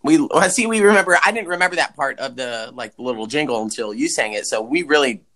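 Bright, animated male podcast co-host. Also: quick pace. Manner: animated, swearing, swings pitch for emphasis. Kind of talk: casual chat recapping a movie.

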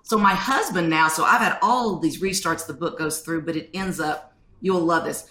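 A woman, a podcast guest telling stories in an animated way and acting out quotes. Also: on the low side, normal speed, roomy sound. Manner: animated storytelling, acts out quotes. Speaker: guest author. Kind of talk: podcast interview.

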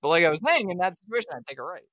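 A man co-hosting a casual podcast, his voice bright and sharp with a lively swinging pitch. He talks in an animated, sarcastic way and laughs often. The sound is close and dry. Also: very fast, dry recording. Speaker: podcast co-host. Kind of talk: casual chat.

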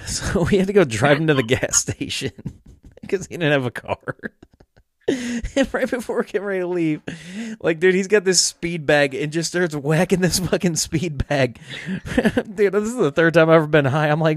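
A man's voice: a little high, lively intonation, moderate pace, no room sound, clean studio sound. A young man telling a long, rambling story in casual chat, with lots of fillers and swearing, often breaking into laughter.

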